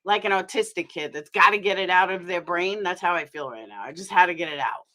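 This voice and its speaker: A woman's voice: fairly low pitch, brisk, bright, forceful tone. A woman hosting a casual live stream, talking bluntly, swearing freely and rambling as she vents to her viewers. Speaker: livestream host.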